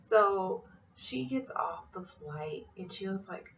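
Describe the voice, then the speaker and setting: Female flight attendant, vlogger; gravelly, fry-heavy voice, animated storyteller who acts out each character's lines, recorded a bit off-mic on dull lo-fi audio. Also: low voice, takes it slowly, recorded from a distance, slight background noise. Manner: animated retelling that acts out quoted dialogue. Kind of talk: casual storytelling vlog.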